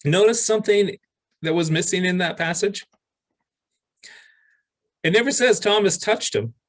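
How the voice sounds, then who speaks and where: Male pastor, sermon, fairly high voice, reads scripture with restarts. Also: unhurried, low-quality recording.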